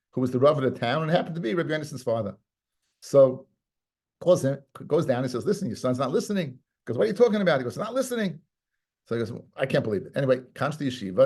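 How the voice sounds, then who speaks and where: A man's voice: mid-range voice, a little mellow, husky. Conversational male rabbi teaching Talmud. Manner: conversational, repeats words, mixes Hebrew and Aramaic terms. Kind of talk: Talmud study lesson.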